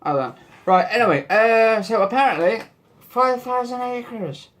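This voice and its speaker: A man's voice: very high voice, animated, moderate pace, fairly bright tone. Rambling man hosting a casual news vlog. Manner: rambling, jokey, swears casually. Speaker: vlog host.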